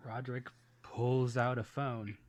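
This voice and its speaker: A man's voice: medium pitch, flat delivery, unhurried, muffled recording. A man playing in a tabletop game, describing his character's moves plainly. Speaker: player. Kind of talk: tabletop role-play.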